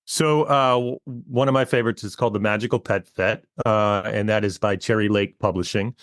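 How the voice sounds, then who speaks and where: A man in his forties, an educational comic author, is interviewed as a guest, speaking at a normal pace in a lowish voice. He talks in a relaxed, loose, rambling way with lots of fillers. The close podcast mic gives a clean studio sound with no echo.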